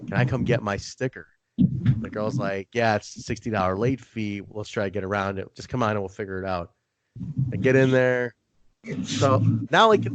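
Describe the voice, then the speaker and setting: A man's voice: on the low side, normal speed, no room sound. A young man hosting a casual podcast, swearing loosely and acting out both sides of his own stories. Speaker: podcast host.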